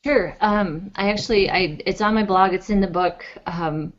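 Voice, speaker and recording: An author and blogger appears as an interview guest, telling a personal story in a chatty, animated way. Her mid-range voice moves at normal speed, full of fillers and acted-out quotes. The audio is dull and lo-fi.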